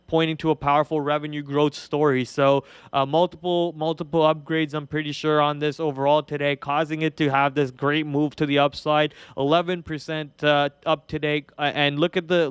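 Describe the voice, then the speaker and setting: Young male stream host, Indian accent, rambling casual market talk, slightly high, flat delivery, very clear voice. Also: no echo. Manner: casual, rambling, many fillers and restarts. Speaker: trading show host. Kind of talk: live market commentary.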